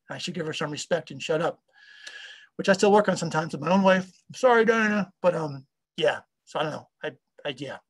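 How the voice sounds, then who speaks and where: Middle-aged male tech founder, husky high voice, casual rambling storyteller. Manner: rambling, full of fillers and acted-out quotes. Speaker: company founder and CTO. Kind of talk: casual talk to an online audience.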